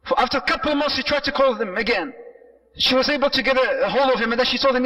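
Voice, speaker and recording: A man giving an Islamic lecture, telling stories in an animated way and mixing Arabic phrases into his English. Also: very high-pitched, brisk, recorded from a distance, muffled recording. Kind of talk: sermon-style lecture.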